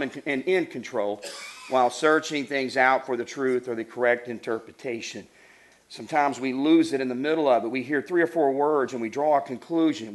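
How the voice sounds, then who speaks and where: A middle-aged man preaching a sermon, telling funny stories and then laying out numbered points. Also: a little high. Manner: animated, acts out voices, laughs while telling stories. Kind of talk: sermon with humorous storytelling.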